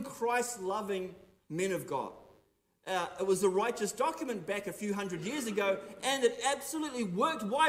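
A man preaching a sermon in an earnest, emphatic way, often putting rhetorical questions to his listeners. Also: high-pitched.

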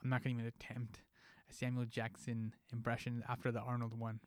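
A man hosting a podcast, delivering a scripted monologue with a playful, joking lilt. His voice sits in an ordinary middle pitch. The sound is close and dead dry, with no room around it. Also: completely flat delivery, fairly quick, no room sound. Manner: playful, jokey delivery with pop-culture asides. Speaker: podcast host.

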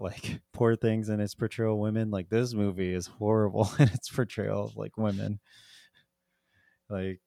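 Give me a man with a lowish voice casually reviewing a film on a podcast, rambling and laughing, recorded dry. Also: creaky, dark tone, dry recording. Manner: rambling, lots of "like", laughs often. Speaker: podcast co-host. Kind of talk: casual movie review chat.

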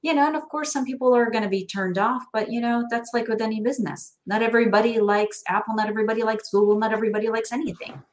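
A woman's voice: on the high side, steady tone, quick pace, hardly any pauses. A middle-aged woman, a financial planner and guest on a talk show, speaking expressively, laughing often and acting out quoted dialogue. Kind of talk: animated conversational interview.

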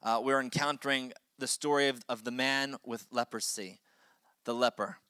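Pastor guy preaching hard, bright forceful voice, up and down for emphasis. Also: medium pitch, steady tone, normal speed, clear, resonant tone, no room sound, clean studio sound. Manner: impassioned preaching, voice rising and dropping for emphasis. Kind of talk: sermon.

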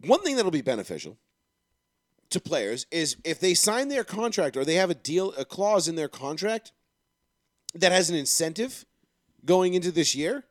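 A man's voice: on the high side, big pitch swings, normal speed, dry recording, studio quality. A young man co-hosting a podcast in casual chat, ranting with lots of swearing and filler words. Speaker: podcast co-host.

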